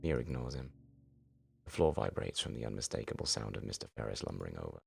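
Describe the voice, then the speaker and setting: Man streamer, visual novel read-through, dramatic narration, husky, lively intonation. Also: quick pace. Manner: low, dramatic narration with reactions. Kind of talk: reading a visual novel game aloud.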